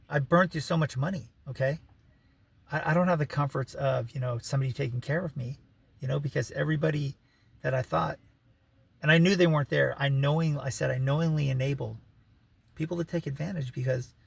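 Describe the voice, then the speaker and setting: A man's voice: on the high side, creaky, breathy edge. A man rambling through a personal story in a casual vlog, full of "you know" and "right", with wry laughing asides. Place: living in his vehicle.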